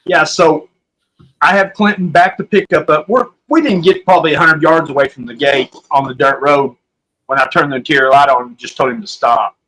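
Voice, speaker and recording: A man's voice: on the high side, a little fast, a bit bright, poor audio. A man with an Oklahoman accent, telling a story as a podcast guest in a rambling, folksy way. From Southwest Oklahoma. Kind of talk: casual storytelling.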